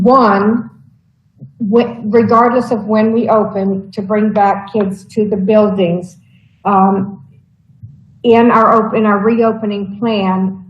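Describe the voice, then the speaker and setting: Woman, board member, halting and filler-heavy speech, roomy echoey sound. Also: mid-range voice. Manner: hesitant, stammering, many ums. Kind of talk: board meeting questions.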